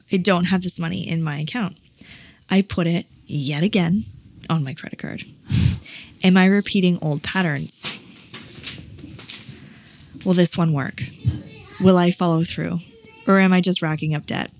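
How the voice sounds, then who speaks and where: A woman's voice: on the low side, a little mellow. A woman co-hosting a podcast, speaking candidly and confessionally, often reading aloud from her journal. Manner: open, confessional, with many "like" fillers. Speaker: podcast co-host.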